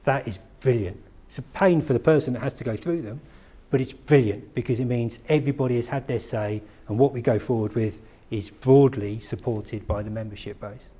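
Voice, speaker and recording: Fairly quick and mid-range, with a dark tone and a breathy edge, a man's voice carries a conversational conference presentation. He engages the audience with questions and self-deprecating humor in a conference room.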